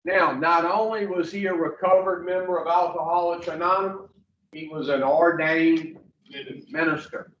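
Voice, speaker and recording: A man's voice: on the high side, fairly even intonation, normal speed, fairly bright tone, a little hiss or hum. A man teaching a recovery class, telling a story in a blunt, profane, plainspoken way. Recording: roomy, distant, dull classroom audio.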